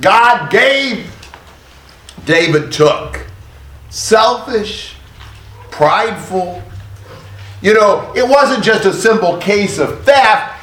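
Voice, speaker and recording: A man teaching a Bible study class, thoughtful and emphatic, pausing to exclaim for effect. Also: high-pitched, animated, fairly bright tone, reverberant.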